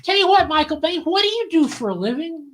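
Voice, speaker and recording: A man putting on the voice of an older, hot-tempered rock-and-roll star who shouts and curses. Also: very high-pitched, very animated, fast, a little hiss or hum, voice pushed up, full character voice. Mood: hearty. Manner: shouting, cursing, drawling.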